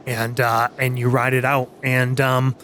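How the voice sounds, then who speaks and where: A man narrating as game master in a tabletop game, halting and full of fillers and restarts. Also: mid-range voice, level tone, a bit bright, slight background noise.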